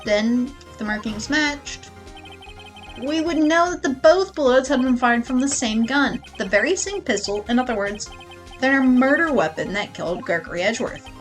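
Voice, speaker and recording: A woman's voice: sits high, normal speed, soft background music. Woman reading an earnest young defense attorney. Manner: steady, explaining evidence.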